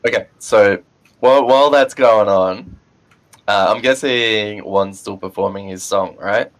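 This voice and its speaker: A man's voice: on the low side, measured pace. A man playing a tabletop game, thinking aloud hesitantly about his character's moves. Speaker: player. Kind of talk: casual tabletop play.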